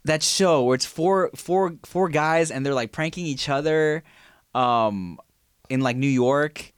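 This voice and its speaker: A man co-hosting a podcast in casual chat, animated and laughing often. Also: fairly high pitch, slow pace, smooth, no echo, studio quality. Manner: animated, laughs a lot, shouts "no!" while guessing. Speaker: podcast co-host.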